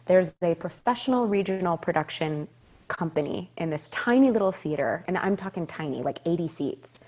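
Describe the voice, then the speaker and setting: A woman in her twenties, a Broadway actress, telling stories in a casual interview, animated and emphatic, repeating phrases for effect and laughing often. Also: fairly low pitch, moderate pace. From California. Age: 20s.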